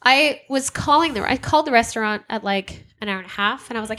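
Bright-voiced woman telling a story. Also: on the high side, quick pace, hardly any pauses. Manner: animated, swears casually, acts out quotes. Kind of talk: casual storytelling chat.

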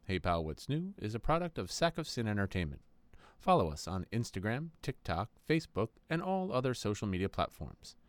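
Guy doing the podcast intro, low voice, bouncy delivery, dry close sound. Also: fairly quick, no room sound. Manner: lively, mock-serious. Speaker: announcer.

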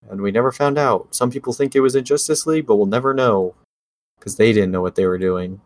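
A man's voice: mid-range voice, expressive, fast, darkish tone. A young man chatting casually about movies, ranting and sarcastic.

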